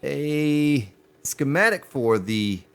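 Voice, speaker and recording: A man's voice: extremely slow, gravelly, clear, resonant tone. Guy doing live gameplay commentary, chatty with chat, voice bounces up and down a lot. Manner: chatty, talks to chat viewers as he plays; animated, pitch jumps on exclamations. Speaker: game streamer.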